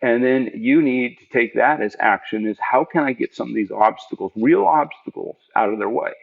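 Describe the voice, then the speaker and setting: A middle-aged man, a podcast guest, telling stories about his work in a lively, emphatic way, often tagging on "right?". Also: mid-range voice, moderate pace, gravelly, phone-quality sound. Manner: animated, emphatic, many "right?" asides. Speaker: podcast guest, product leader. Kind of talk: conversational storytelling.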